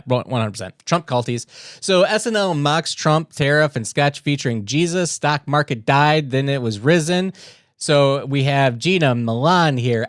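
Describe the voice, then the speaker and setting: This fairly high-pitched male livestream host runs a casual political news show, reading posts aloud and commenting on them with sarcasm and mockery. The recording is dry and studio quality.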